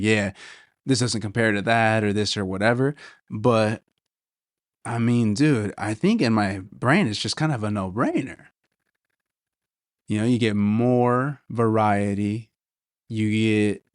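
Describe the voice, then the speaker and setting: A man's voice: lowish voice, no echo. Chatty young man, dry close sound. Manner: enthusiastic, rambling, says "dude" a lot. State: slightly losing his voice. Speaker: podcast host. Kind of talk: casual solo podcast talk.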